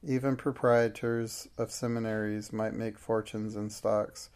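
Reading from a classic novel, this man works as an audiobook narrator, delivering scripted narration at a steady, measured pace. His voice sits on the low side.

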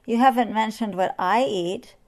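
A woman's voice: fairly high pitch, normal speed, darkish tone, close to an everyday voice. A drowsy, sly python, as a woman puts him on for a children's story. He speaks lazily and dryly, unbothered.

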